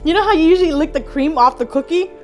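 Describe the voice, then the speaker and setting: A young woman food vlogger, excited and giggly, often laughing and squealing while she talks straight to her viewers. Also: high-pitched, fast talker, soft background music. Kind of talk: excited cooking vlog.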